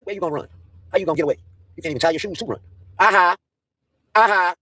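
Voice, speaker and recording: A man's voice: on the high side, racing, husky, no room sound. A man in a profane, taunting livestream rant, mocking and daring his targets.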